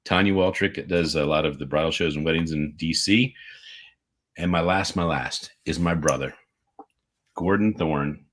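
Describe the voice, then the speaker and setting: A deep-voiced man co-hosts a casual livestream at normal speed, enthusiastic, upbeat, and rambling as he reads birthday shout-outs. He is heard through a remote video call.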